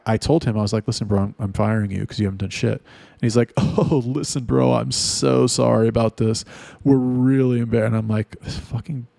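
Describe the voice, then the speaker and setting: A man's voice: fairly low pitch, dark tone, no room sound. A man ranting in a casual, blunt and heavily profane monologue. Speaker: talk host.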